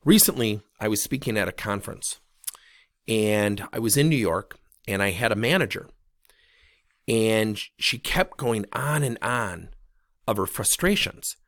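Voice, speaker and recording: A man's voice: on the low side, unhurried, dry recording, studio quality. A man teaching leadership coaching, telling a story and acting out the dialogue. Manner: animated, retells conversations with quoted dialogue.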